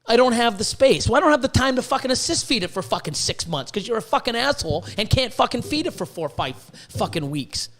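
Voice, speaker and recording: A man's voice: very high voice, very animated, fast, few pauses, fairly bright tone. A man hosting a podcast, ranting in a worked-up, profane way, with stammered restarts and repeated words. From Canada. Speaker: podcast host. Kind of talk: casual ranting podcast talk.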